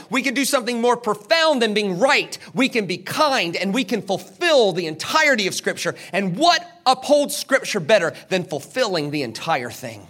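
Animated high-voiced preacher man. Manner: animated, acts out the people in the story; asks the crowd questions, then answers them. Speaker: pastor. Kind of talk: sermon.

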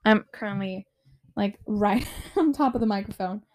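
A woman's voice: mid-range voice, normal speed, darkish tone. A teenage girl hosting her own podcast from a small bedroom, chatting casually, swearing often and breaking into sudden exclamations of frustration. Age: teens. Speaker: podcast host. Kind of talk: casual solo podcast chat.

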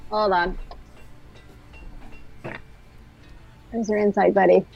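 A man voicing a brash young male stranger with a strange accent who talks in loud, excitable bro-speak. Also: high-pitched, fairly quick, creaky, lo-fi sound, faint music behind, pitched above the performer's own voice. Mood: puzzled. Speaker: game master voicing a character. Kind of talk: tabletop role-play.

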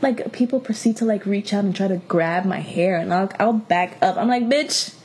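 A young woman from Miami co-hosts a podcast in a casual chat, telling stories bluntly and profanely while animatedly voicing what others said. Her voice is medium-pitched at a moderate pace, with a little hiss or hum.

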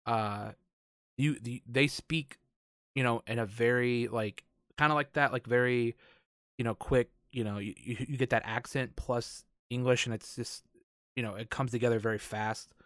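A man hosting a casual chat, easygoing and curious, thinking out loud as he talks. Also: medium pitch, fairly even intonation, normal speed, no echo, studio quality.

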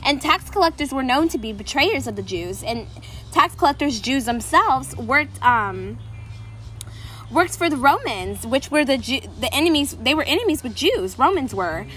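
A woman's voice: sits high, very animated, moderate pace, a bit bright. A woman hosting a casual faith podcast outdoors, chatty and enthusiastic, with many fillers. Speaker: podcast host. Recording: music playing underneath.

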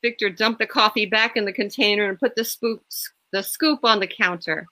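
A woman author reading a first-person scene from her own novel, expressive and lively. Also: mid-range voice, moderate pace.

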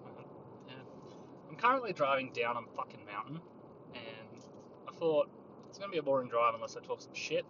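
A tired man hosting a rambling solo podcast from his car, musing in a crude, profane, darkly joking way. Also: medium pitch. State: tired, yawning. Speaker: podcast host. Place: inside a moving car on a mountain road. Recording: muffled lo-fi car recording with road noise. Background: engine and road noise.

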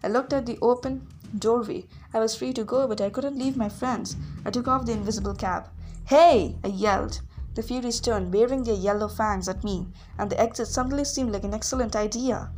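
A woman narrating a novel chapter in first person, in a fairly high voice. She reads with energy and the odd small slip. Faint music plays underneath. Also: a little fast, few pauses, darkish tone. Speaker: audiobook reader. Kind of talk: reading a novel aloud.

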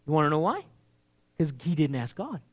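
A man's voice: on the high side, brisk. A man preaching a sermon, asking the congregation questions and acting out the lines he quotes. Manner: animated, asks the crowd questions, acts out quoted lines.

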